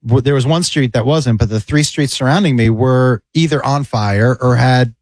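A man's voice: medium pitch, moderate pace, no echo. A man, a stand-up comedian, telling an anecdote in casual radio chat and acting out the people in it. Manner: animated, acts out voices in anecdotes. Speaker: comedian guest.

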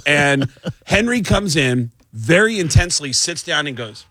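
Husky man telling animated stories. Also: fairly high pitch, a little slow, no echo. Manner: animated storyteller, does voices. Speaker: podcast host. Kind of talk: casual chat.

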